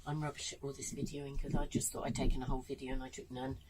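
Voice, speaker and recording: A woman's voice: extremely low pitch, little pitch movement, quick pace. Tired, chatty woman on a noisy boat. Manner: chatty, self-deprecating. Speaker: vlogger. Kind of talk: casual vlog chat. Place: on a sailboat during a storm.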